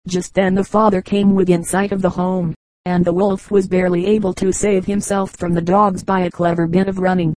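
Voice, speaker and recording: A woman narrating an audiobook of animal fables in a measured, even storytelling manner. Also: fairly low pitch, dry recording, rough recording.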